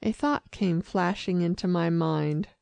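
Slow, gravelly woman reading a story. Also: lowish voice, a little mellow, no echo. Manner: measured, careful reading. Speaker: audiobook narrator. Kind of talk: scripted narration.

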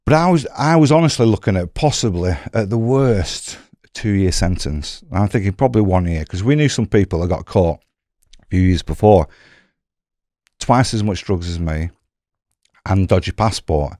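A man's voice: low voice, moderate pace, no echo, studio quality. A middle-aged man with an English accent, a podcast guest casually telling his story and acting out the dialogue in voices. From England. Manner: animated, acts out dialogue in quoted voices.

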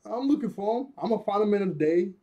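A happy-go-lucky young pirate lad from a cartoon, his husky voice pushed up high and loud, done by a man retelling the scene. He sounds eager for a scrap and brushes off danger. The tone stays dark and mellow under the excitement. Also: quick pace, highs cut off. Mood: excited. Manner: upbeat, laughing, higher and louder than his own talk. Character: cheerful reckless young male pirate.

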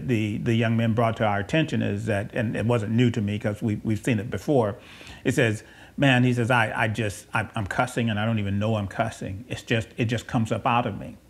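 Husky-voiced male preacher. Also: mid-range voice. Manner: rambling, self-correcting, with asides and soft chuckles. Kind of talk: conversational sermon.

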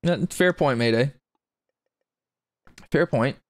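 A man with a mid-range voice speaks slowly in a dry recording while playing a golf video game as a gaming streamer. Chatty and self-deprecating, he rambles between shots; he grew up with English parents outside Britain.

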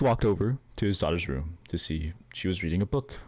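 A man reading a homemade bedtime story aloud, halting and correcting himself often. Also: low-pitched, lively intonation, darkish tone. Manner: halting reading, frequent restarts and self-corrections. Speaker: amateur storyteller.

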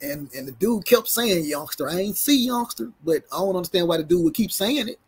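A man's voice: high voice, expressive, normal speed, slightly rough. A man giving casual, slangy commentary, stumbling over big words as he reads a report aloud and jokes with his viewers. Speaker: reaction commentator.

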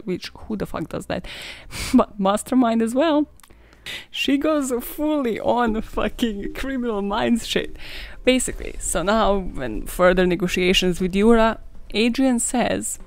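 A woman's voice: mid-range voice, unhurried, creaky, no room sound. A young woman hosting a true crime podcast, sarcastic and swearing freely, laughing at her own jokes. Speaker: podcast host.

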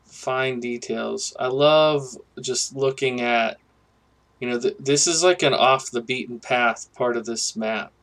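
A man hosting a casual gameplay commentary, musing and thinking aloud in a relaxed way. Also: medium pitch, slow. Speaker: gaming channel host.

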